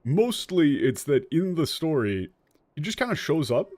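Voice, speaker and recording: A man streaming a game, talking casually and ranting in an animated way with frequent restarts. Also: fairly high pitch, moderate pace, dry recording. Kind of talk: casual commentary while playing.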